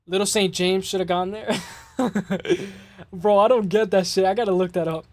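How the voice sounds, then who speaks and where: A man hosting a casual MMA show, breaking down fights in an excitable way, swearing and repeating himself. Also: high voice, measured pace, dry recording. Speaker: MMA podcast host.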